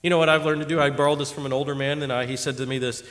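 Male preacher, higher voice, lively storytelling sermon with loud and quiet turns, hall reverb. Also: rapid-fire. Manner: animated storytelling, swings between loud exhortation and quiet asides.

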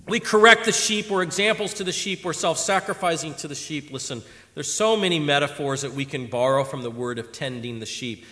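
Male preacher, higher voice, lively storytelling sermon with loud and quiet turns, hall reverb. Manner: animated storytelling, swings between loud exhortation and quiet asides.

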